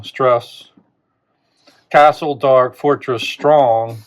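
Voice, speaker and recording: A man speaking at an unhurried, deliberate pace as he talks through a song's lyrics line by line. His pitch sits in an ordinary middle range. He thinks aloud, poses rhetorical questions to the listener, and often restarts his sentences. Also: a bit bright. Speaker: literature teacher and channel host. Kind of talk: unscripted close reading lecture.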